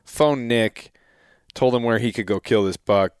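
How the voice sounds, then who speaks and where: A man's voice: medium pitch, a little slow, smooth, no echo, studio quality. A man hosting a podcast interview, asking questions and chiming in with short replies. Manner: prompting questions, short backchannels. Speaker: podcast host. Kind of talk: casual interview chat.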